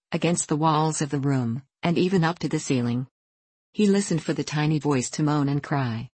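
A woman reads a children's storybook aloud in a low, steady voice. The recording is dry and close. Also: no echo. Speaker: audiobook narrator. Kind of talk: storybook reading.

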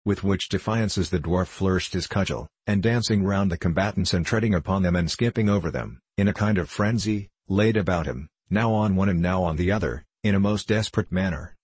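A man narrating a classic novel as an audiobook in a measured storytelling delivery. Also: low voice, darkish tone, slightly rough, no room sound. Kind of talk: scripted narration.

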